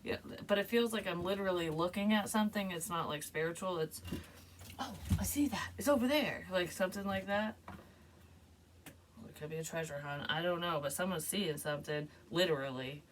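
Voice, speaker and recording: A woman with a low voice chats her way through a tarot reading for her viewers, rambling and laughing along the way. The recording carries a steady, clear hiss of background noise. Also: a little fast. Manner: rambling, chatty, laughs often. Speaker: tarot reader. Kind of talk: casual tarot reading vlog.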